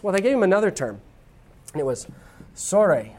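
A lecturer from the United States, giving an informal classroom talk in a chatty way, with quick asides and checks like "okay?". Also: medium pitch, big pitch swings, a little mellow.

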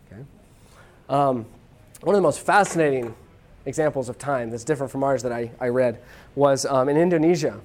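A lecturer from the United States, giving an informal classroom talk in a chatty way, with quick asides and checks like "okay?". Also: medium pitch, a little mellow.

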